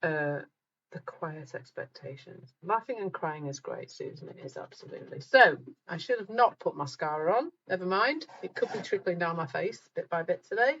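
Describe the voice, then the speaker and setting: A woman's voice: on the low side, animated, normal speed, a bit bright, breathy edge, dull audio. Chatty middle-aged woman hosting a live talk. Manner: chatty, reads out viewer comments, laughs at herself. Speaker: host of a live group talk. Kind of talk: casual live talk to viewers.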